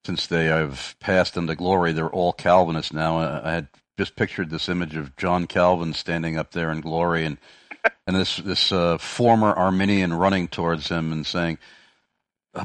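Deep-voiced radio host. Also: male voice, steady tone, normal speed, dry recording. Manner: amused, announcer-like when going to break. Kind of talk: radio talk show hosting.

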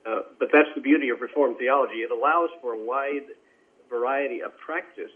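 Man on a tinny phone line. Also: medium pitch. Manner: measured and courteous, frequent "uh" fillers. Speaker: guest. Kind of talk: radio interview by phone.

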